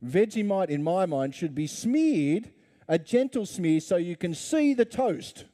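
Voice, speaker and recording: A man's voice: high-pitched, very animated, a little slow, mellow. A middle-aged man, preaching a conversational sermon full of rhetorical questions and playful asides. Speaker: pastor.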